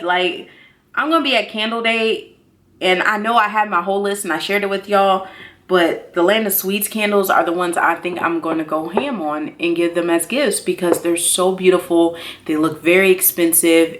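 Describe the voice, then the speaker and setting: A woman chatting casually through a candle haul review, excitable and talkative, jumping up high when she gushes. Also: normal speed. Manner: chatty and excitable, says y'all, jumps high in pitch when gushing. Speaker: beauty and candle vlogger.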